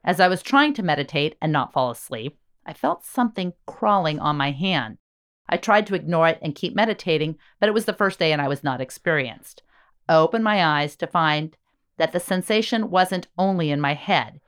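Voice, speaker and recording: Casting: wry woman podcast host, fairly low voice, self-mocking storyteller. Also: animated, moderate pace, smooth. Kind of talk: casual chat.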